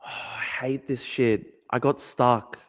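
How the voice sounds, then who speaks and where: A man's voice: medium pitch, fairly even intonation, slow. A man hosting a casual livestream, talking himself through a guessing game. He mutters asides, swears often and breaks into exasperated outbursts. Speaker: livestream host.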